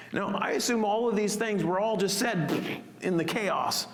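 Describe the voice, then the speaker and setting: A man preaching a sermon as pastor, expressive and acting out the disciples' panicked cries. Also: sits high, a little slow, gravelly, big-room sound.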